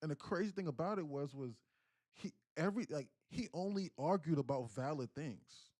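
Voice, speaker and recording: A man's voice: fairly high pitch, lively intonation, moderate pace, a little mellow, no echo, clean studio sound. A man in his thirties telling a profane, emphatic story on a day trading livestream, with frequent restarts.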